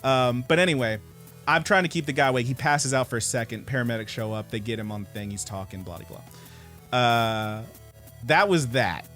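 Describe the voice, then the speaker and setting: A man's voice: mid-range voice, a little fast, soft background music. A man co-hosting a podcast, telling a story in casual chat, swearing and acting out the people he quotes. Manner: animated storyteller, swears, acts out quoted voices. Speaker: podcast co-host.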